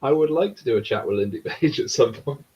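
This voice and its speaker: A man's voice: mid-range voice, animated, fast, breathy edge, highs cut off. A man hosting a casual chat, rambling and swearing freely. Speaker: host.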